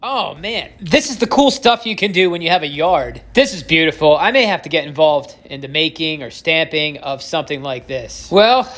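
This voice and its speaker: A man's voice: fairly high pitch, animated, moderate pace, hardly any pauses, fairly bright tone. A man hosting a casual unboxing vlog, joking dryly at his own expense. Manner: dry self-mocking humor. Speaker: host of a stacking channel.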